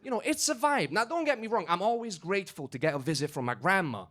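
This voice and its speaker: A young man from Romania works a comedy club crowd with a lively, swooping delivery. He sits a bit high for a man and leans on casual fillers as he tells his stories. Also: fast talker, slight background noise. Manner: animated storytelling with filler words. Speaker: stand-up comedian. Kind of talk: stand-up comedy set.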